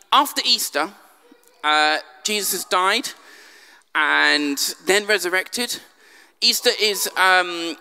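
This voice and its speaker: A man's voice: high voice, pushed and bright, clean tone. A man preaching a humorous sermon in a church, telling the story with dry jokes. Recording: long church hall reverb.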